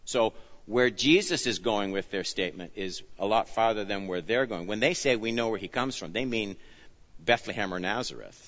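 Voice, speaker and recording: Earnest pastor preaching, bright pushy voice, muffled sound with long church echo. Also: male voice, expressive, moderate pace. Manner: earnest, emphatic, drops low and soft on key phrases. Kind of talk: expository sermon. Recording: dull sound, long reverb of a church hall.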